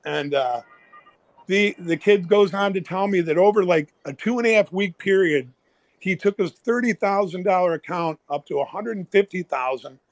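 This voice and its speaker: A man, a former pit trader, telling animated stories in casual chat and acting out the people in them. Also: high voice, normal speed, no echo. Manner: animated, swearing, acts out quoted people. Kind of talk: casual storytelling. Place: online audio room.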